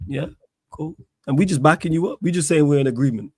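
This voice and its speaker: Man co-host, casual chat, husky voice, dry sound. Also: fairly high pitch, a little mellow, no room sound. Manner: teasing, quick interjections. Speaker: podcast co-host.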